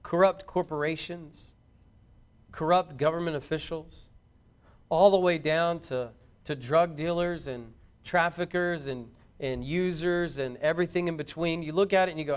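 A man preaching a sermon in a church, reading scripture and building to loud, fervent intensity. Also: fairly high pitch, steady tone, moderate pace, clear, resonant tone. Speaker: pastor.

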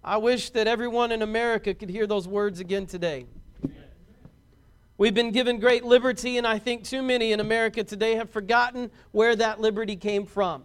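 A pastor preaching a sermon in an earnest, heartfelt manner with emphatic repeats. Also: male voice, high voice, fairly bright tone, clear, resonant tone.

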